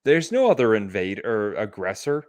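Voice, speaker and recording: A man co-hosting a podcast, trading deadpan quips and quick asides in casual banter. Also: fairly low pitch, dry recording. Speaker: podcast co-host.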